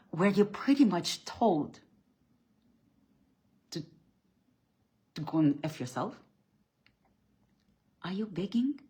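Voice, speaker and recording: Blunt, preachy woman with a lowish voice. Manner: blunt, preachy, swings between loud emphatic bursts and low quiet lines; restarts and repeats words mid-thought. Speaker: spiritual coach. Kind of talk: motivational faith talk.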